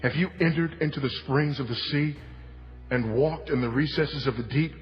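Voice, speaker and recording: A man preaching a sermon with emphasis, repeating key lines and moving between hushed and loud delivery. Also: fairly high pitch, moderate pace, long reverb tail, lo-fi sound, faint music behind. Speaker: pastor. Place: church sanctuary.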